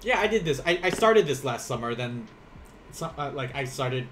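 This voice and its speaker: A man's voice: medium pitch, big pitch swings, normal speed, fairly bright tone, a little hiss or hum. A man in his thirties giving a casual live Japanese lesson, rambling and laughing often while he eats. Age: 30s. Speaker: Japanese teacher.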